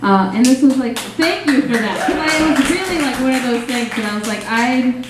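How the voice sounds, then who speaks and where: A woman's voice: sits high, animated, normal speed, far from the mic, heavy background noise. A young woman doing a stand-up set in a small cafe, rambling and self-deprecating, full of fillers. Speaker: stand-up comedian. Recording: very echoey room, faint ambience.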